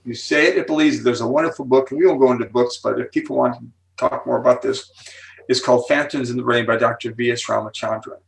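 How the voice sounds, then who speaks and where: A man in his seventies, a guest speaker on psychology, explaining with animated enthusiasm and building suspense before each point. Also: medium pitch, fast talker, gravelly, far from the mic, low-quality recording. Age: 70s.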